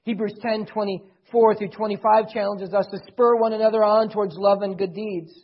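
A middle-aged man preaching a sermon as pastor, earnestly, swelling loud and then dropping soft. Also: high-pitched, fairly even intonation, normal speed, husky. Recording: dull lo-fi recording.

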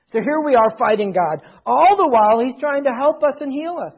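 A middle-aged male pastor preaching a sermon, swelling loud, then dropping to near whispers. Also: extremely high pitch, expressive, a little fast, hardly any pauses, slightly rough, muffled recording.

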